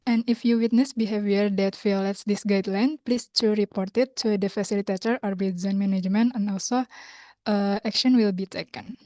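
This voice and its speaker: Mellow young Indonesian woman hosting. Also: mid-range voice, fairly even intonation, dry recording. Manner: unhurried, with hesitant learner phrasing. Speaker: community host. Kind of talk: online class announcements. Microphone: video call.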